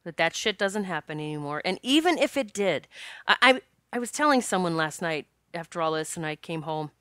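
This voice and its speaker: Female podcast host, candid storyteller, bright crisp voice, dry close sound, curses freely. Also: on the low side, fairly quick, no room sound. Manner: frank and animated, swears and laughs often.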